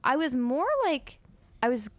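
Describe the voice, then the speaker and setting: A woman's voice: high-pitched, unhurried, dry recording. A young woman comedian chatting as a podcast guest, rambling and self-deprecating with frequent laughs. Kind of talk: casual podcast chat.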